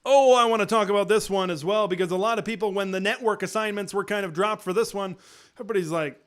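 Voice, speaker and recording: A man with a fairly high voice hosts a live college football talk show. He chats off the cuff with fillers and restarts, and his voice leaps up whenever he throws out a rhetorical question. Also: fast talker. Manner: excitable, pitch jumps high on rhetorical questions; conversational with frequent fillers and restarts. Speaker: sports talk host.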